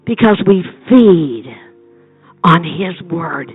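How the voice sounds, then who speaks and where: A woman's voice: on the low side, expressive, extremely slow, breathy edge, narrow, tinny audio, faint music behind. An older woman evangelist preaching a sermon with passion, building into rhythmic repeated calls. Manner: impassioned preaching, rising into rhythmic shouted repetition.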